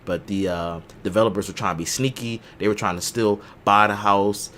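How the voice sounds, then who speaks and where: A man's voice: lowish voice, fairly quick, a little hiss or hum. A man hosting a casual live chat show, joking and telling stories in a loose, slangy way. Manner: animated storyteller, slangy and joking. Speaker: podcast host.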